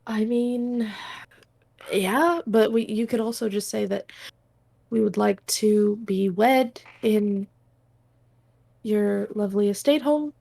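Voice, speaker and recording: A woman's voice: medium pitch, slow, vocal fry, long pauses, dark tone. A woman playing a tabletop game, talking through ideas hesitantly, with plenty of fillers. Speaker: player. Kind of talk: casual tabletop game play.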